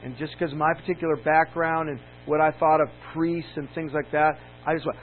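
A man's voice: fairly high pitch, fairly even intonation, brisk, hardly any pauses. A man preaching a sermon as a campus minister, candid and storytelling, building to emphatic peaks. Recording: tinny lo-fi sound with faint mains hum.

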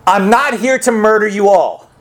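A man putting on the voice of an angel impatiently calming terrified humans, in a hurried, exasperated way, within a sermon. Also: high voice. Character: ancient angel, impatiently reassuring frightened humans.

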